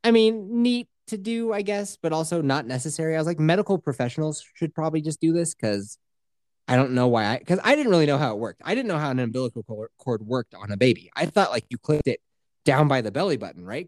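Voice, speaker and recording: A man's voice: a little high, very animated, fast talker, darkish tone, no room sound, studio quality. A man telling a story in casual chat, swearing freely and acting out the quotes.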